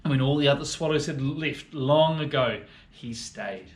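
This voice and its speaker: A man reading a story to children, swinging between loud and hushed lines. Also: mid-range voice, normal speed, a little hiss or hum. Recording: echoey room.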